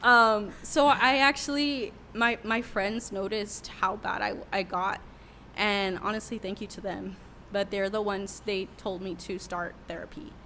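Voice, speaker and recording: A woman's voice: mid-range voice, fairly even intonation, a little slow, hardly any pauses, pushed and bright, slight background noise. A young adult woman, a worship leader who is a podcast guest, telling a candid, emotional story with many fillers in a casual interview.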